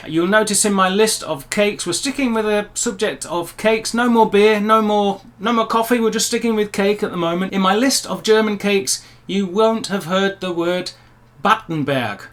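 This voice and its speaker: A man with a fairly high voice talks casually to camera in a vlog. He is chatty and upbeat and throws in playful asides. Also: fairly even intonation, normal speed, hardly any pauses, a bit bright. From England. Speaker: vlogger.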